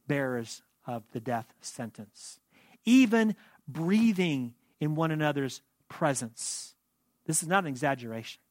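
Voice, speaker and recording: A man preaches to his congregation, his voice sitting a little higher than most men's. The sound is dry and close, with no room echo. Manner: measured preaching with slow, hushed prayerful passages. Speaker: pastor. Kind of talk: sermon.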